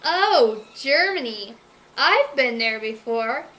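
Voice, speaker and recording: A woman's voice: sits high, expressive, takes it slowly, sharp tone, exaggerated voice, rough recording. A woman voicing a confident, knowing female dog who speaks cool and matter-of-fact with a teasing edge, in a storybook reading. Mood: sly.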